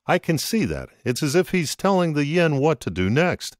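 A man voicing a wry, measured older Japanese business tycoon. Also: on the high side, big pitch swings, dry recording, studio quality, voice pushed up.

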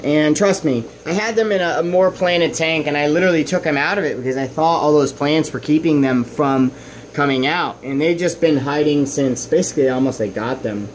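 A young man from the Southern US with a Texan accent, giving a rambling, halting update about his fish at home and often restarting his sentences. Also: fairly high pitch, slight background noise, poor audio. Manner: coos at his fish in a raised voice. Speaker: fish-keeping vlogger.

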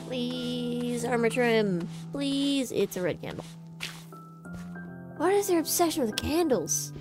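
A woman hosting a gaming channel, giving casual commentary as she plays and chatting playfully to the game. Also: on the high side. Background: faint game music.

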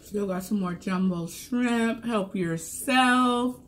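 Slow-talking woman praising her food. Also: mid-range voice, a little hiss or hum. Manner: relaxed, drawn-out praise of the food. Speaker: mukbang co-host. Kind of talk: casual chat while eating.

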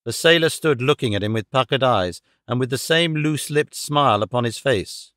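A man narrating a classic audiobook in a measured, formal storytelling manner. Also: medium pitch, animated, a bit bright, no echo, studio quality.

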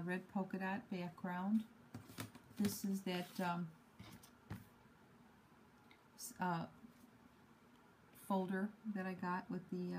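A woman showing her handmade cards at home in an unhurried, self-deprecating way, with many ums and uhs. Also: on the low side, vocal fry, dark tone, a little hiss or hum, rough recording. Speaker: card-making hobby vlogger. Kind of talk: casual show-and-tell craft demo.

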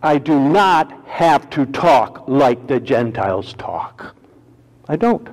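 Man, pastor, sermon, folksy humor, dramatic loud-soft swings, echoing sanctuary. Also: mid-range voice, animated, takes it slowly.

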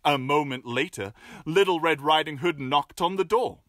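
A storyteller reading a fairy tale aloud with playful asides and expressive delivery. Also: mid-range voice, moderate pace, background noise.

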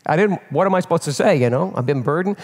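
An older male pastor tells his story from the pulpit, animated and candid, often repeating a word as he gathers steam. His voice sits on the higher side for a man. The sound rings out with the long reverb of a church sanctuary. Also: racing. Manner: animated, candid, repeats words while building. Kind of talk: storytelling sermon.

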